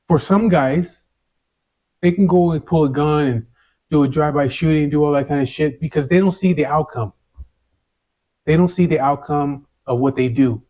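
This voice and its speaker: A man's voice: fairly high pitch, muffled recording. A man telling a first-person story in casual street slang, swearing and saying "you know" a lot.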